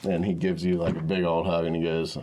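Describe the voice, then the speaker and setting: A man running a tabletop game, narrating scenes in a relaxed, playful way. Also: low-pitched, brisk, a little hiss or hum. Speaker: game master.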